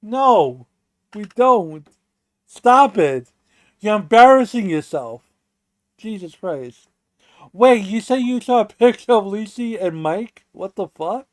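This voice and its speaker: A man's voice: sits high, animated, slow pace, long pauses, dry recording. A man co-hosting a livestream in casual chat, rambling with restarts and swearing while he builds his point. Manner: rambling, restarts and profane rants. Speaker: stream co-host.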